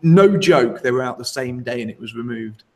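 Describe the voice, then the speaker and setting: A man co-hosting a casual talk show, emphatic and animated, often laughing. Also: medium pitch, moderate pace. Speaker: co-host.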